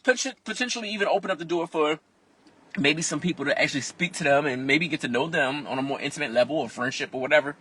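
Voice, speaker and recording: A man tells a frank, profane story from inside his car, animated and expressive. His voice sits a little high, with a sharp, bright edge and a husky grain. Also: quick pace. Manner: animated and profane, acts out other people's voices. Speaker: vlogger. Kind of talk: candid storytelling monologue.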